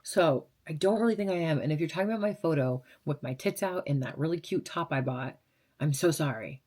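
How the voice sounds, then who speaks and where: A woman's voice: deep voice, a little fast, darkish tone, breathy edge. A woman in her twenties from Las Vegas, a radio DJ chatting casually as she answers viewer questions, blunt and sarcastic with fillers and laughs. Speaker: radio DJ and vlogger.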